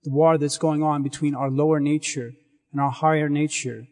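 Male priest, slightly higher voice, measured solemn delivery, long church reverb. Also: level tone, darkish tone. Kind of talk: liturgical reading and sermon.

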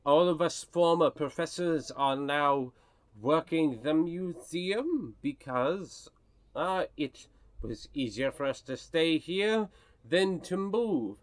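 A man playing a jittery former professor who leads museum tours. He halts and stumbles over his words, in a slow, dry voice. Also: on the high side, expressive, no room sound. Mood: nervous. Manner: halting, full of hesitations. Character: nervous male former professor, museum guide.

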